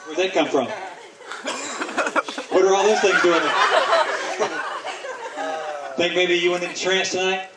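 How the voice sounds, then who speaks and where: A man runs a stage hypnosis show, his voice a touch high and caught from a distance by the camera. He banters playfully with volunteers, then slows into soothing countdowns, while an echoey space and a laughing crowd surround him. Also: fairly even intonation, very noisy. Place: outdoors in a yard at night.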